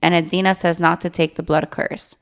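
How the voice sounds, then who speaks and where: A woman's voice: fairly low pitch, brisk, vocal fry. A woman co-hosting a casual book chat, exasperated and acting out characters as she retells scenes. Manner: lively and exasperated, acts out characters. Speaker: podcast co-host.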